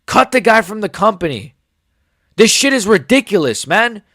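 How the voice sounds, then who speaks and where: A man's voice: high-pitched, big pitch swings, normal speed, fairly bright tone, dry recording, studio quality. A man in his forties giving a heated, sarcastic reaction rant full of swearing. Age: 40s. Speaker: MMA commentator.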